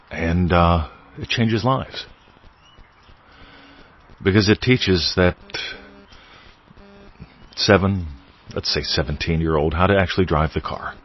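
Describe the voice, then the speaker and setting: A deep-voiced man with a slightly husky tone hosts a casual teaching podcast. He wanders into playful wordplay and asides. The recording sounds a little muffled and lo-fi. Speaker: podcast host. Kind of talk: casual spiritual teaching monologue.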